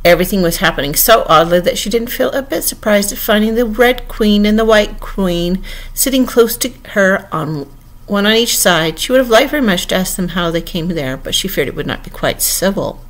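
A woman reading a classic storybook aloud, measured and expressive. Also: mid-range voice. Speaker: audiobook reader. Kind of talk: storybook narration.

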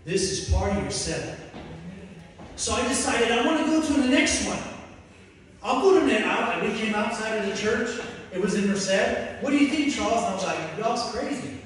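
A man preaching a sermon, telling his story in a lively way and acting out the voices of the people in it. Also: sits high, moderate pace, slight background noise. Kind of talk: sermon testimony. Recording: echoey hall from far off.

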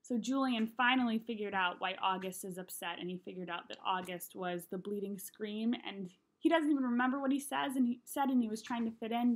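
A woman reading a children's novel aloud, with expressive storytelling and brief voices for the characters. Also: fairly high pitch.

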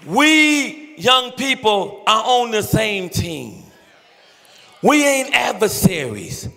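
Older man, pastor, high voice, slow deliberate delivery, impassioned pleading sermon, rhythmic repetition, long reverb of a big church hall. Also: sing-song, gravelly, sharp tone, a faint crowd. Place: large church sanctuary.

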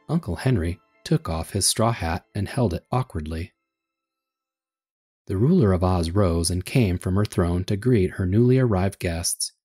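A man narrating a story for English learners with a steady, clear reading. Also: deep voice.

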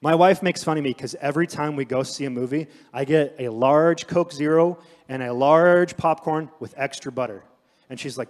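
A young adult man preaching a sermon as pastor, telling stories with acted quotes in an animated way. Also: a little high, moderate pace. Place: church sanctuary. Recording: long hall reverb.

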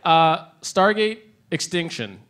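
A man moderating a convention panel, asking jokey questions and drawing them out slowly. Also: on the high side, big pitch swings, fairly bright tone, clean tone. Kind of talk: casual moderated Q&A.

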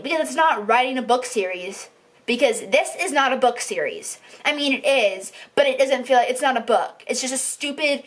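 A woman vlogger ranting about a book she hated, exasperated and repeating herself, swinging between loud outbursts and muttering. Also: fairly high pitch, expressive, moderate pace. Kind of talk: ranting book review vlog.

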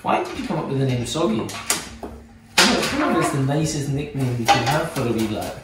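A man's voice: mid-range voice, huge pitch swings, fast talker, heavy background noise. A man with a Scottish accent, a chef casually teaching a home cooking demonstration in a playful, chatty way while joking with his kids. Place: home kitchen. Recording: echoey kitchen, mic far off, clattering pans.

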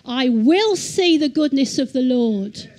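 A woman teaching in church, reading scripture slowly and emphatically and leading the congregation to repeat lines. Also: sits high, animated, darkish tone, rough recording. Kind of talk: sermon. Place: church hall.

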